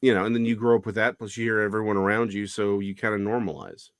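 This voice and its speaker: A man talking as a guest in a casual conversation, lively and chatty with frequent self-corrections. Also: lowish voice, quick pace, no echo.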